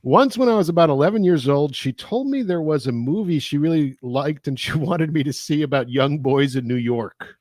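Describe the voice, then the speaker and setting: A man co-hosting a comedy podcast, reading a listener letter aloud with wry, stumbling deadpan. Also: on the high side, moderate pace, few pauses, no room sound, studio quality. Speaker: podcast co-host.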